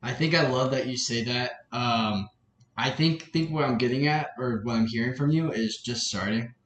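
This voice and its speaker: A man's voice: medium pitch, normal speed, a bit bright. A man hosting a podcast, talking in an earnest, thoughtful way. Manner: earnest, thoughtful, with many affirming yeahs. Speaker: podcast host. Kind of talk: casual interview chat. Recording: echoey room with faint background noise.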